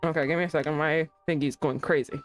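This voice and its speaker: A young woman hosting a casual livestream chat, excitable, swearing and breaking into laughing outbursts. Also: low voice, fast, soft background music. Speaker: streamer host.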